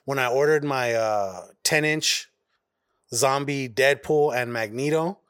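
A man's voice: mid-range voice, takes it slowly, a bit bright, clean tone. A man from Arizona co-hosting a podcast, telling a long profane story with a lot of animation. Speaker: podcast co-host. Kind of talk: casual chat.

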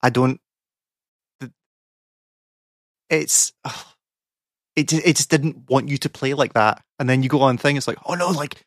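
A man's voice: medium pitch, steady tone, measured pace, long pauses, no room sound, clean studio sound. A young man, a podcast co-host, rambling and ranting in exasperation with lots of fillers. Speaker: podcast co-host, game academic. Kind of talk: casual podcast chat.

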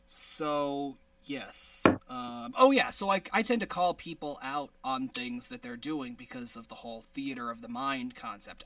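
Far from his microphone, a man hosting a podcast by video call talks in a medium, slightly bright voice. His style is rambling and self-deprecating, and he laughs easily at himself.

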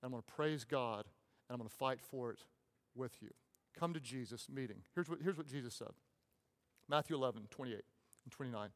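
Male pastor, fervent sermon delivery, slightly higher voice, long church reverb. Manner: impassioned, repeats phrases, drops to soft pauses.

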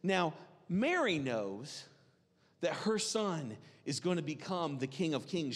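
A man preaching a sermon in a conversational, animated way, acting out the voices of people in the story. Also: a little high, slow pace. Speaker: pastor. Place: church hall. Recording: reverberant hall.

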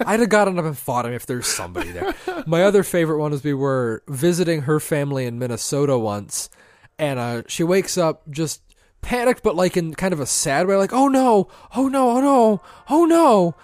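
A man's voice: a little high, sing-song, fairly quick, no echo, clean studio sound. A man co-hosting a casual podcast, telling rambling stories with frequent restarts. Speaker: podcast co-host. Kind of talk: casual chat. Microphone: headphones, podcast mic.

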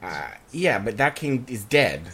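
A man playing a tabletop game, talking in a hesitant, halting way with many restarts. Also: mid-range voice, very animated, background noise. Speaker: player. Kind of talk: casual tabletop play.

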